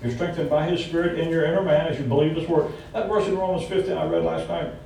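A man's voice: fast talker, creaky, warm tone. A man with a Southern US accent preaching a conversational sermon, folksy and emphatic, with joking asides. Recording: echoey hall from far off with faint rumble.

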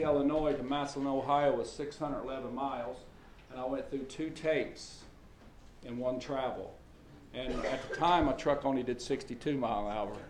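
A middle-aged man preaching in a loose, folksy way, rambling through stories with plenty of ums and restarts. His mid-pitched voice rings in an echoey church hall. A faint hum of ambience sits behind him. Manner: folksy storytelling with many fillers and restarts. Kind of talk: sermon.

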